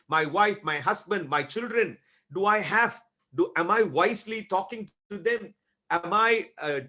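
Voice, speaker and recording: A man preaching a sermon as pastor, asking rhetorical questions and repeating key words with slow, deliberate emphasis. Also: high-pitched, sharp tone.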